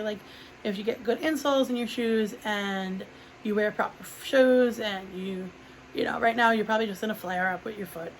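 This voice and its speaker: A woman's voice: fairly high pitch, steady tone, fairly quick, a little hiss or hum, low-quality recording. Rambling woman telling a casual story. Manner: rambling, heavy use of "like", acts out quoted dialogue. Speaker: vlogger reviewing a product.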